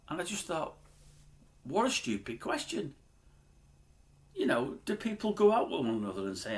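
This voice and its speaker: A man's voice: mid-range voice, expressive, brisk, a bit bright. An older man, ranting bluntly to camera as a grumbling commentator. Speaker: YouTube commentator. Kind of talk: opinionated rant to camera.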